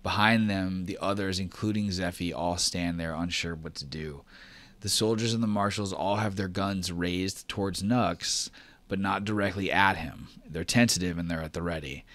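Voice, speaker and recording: A man narrating a tabletop game as game master in a measured, descriptive way. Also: low voice, fairly bright tone, no echo.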